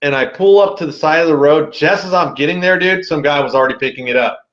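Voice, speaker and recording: Animated man telling a story, roomy sound. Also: a little high, fast, dull audio. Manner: animated, slangy, says dude a lot. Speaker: podcast guest. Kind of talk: casual storytelling.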